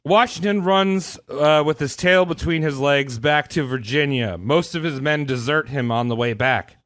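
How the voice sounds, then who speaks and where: Guy on a comedy history podcast, a bit high voice, dry close sound, swears a lot and does silly voices. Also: normal speed, fairly bright tone, dry recording. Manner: irreverent storytelling, puts on voices for historical figures, swears freely. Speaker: podcast co-host telling history.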